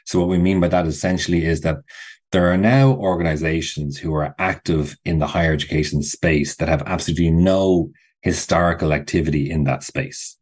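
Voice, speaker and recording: A middle-aged man with a remarkably low voice, slightly husky at the edges. He explains his points thoughtfully as a podcast guest, circling back and restarting phrases as he goes. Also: steady tone, a little fast, a little mellow. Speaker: guest, associate professor. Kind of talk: podcast interview.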